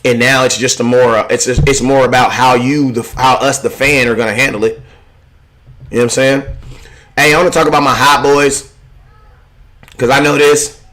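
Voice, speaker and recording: A man's voice: mid-range voice, normal speed, pauses often. A young man hosting a live sports fan stream, talking casually in a rambling, slangy way and often repeating himself. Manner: rambling, animated, slangy, often repeats "you know what I'm saying".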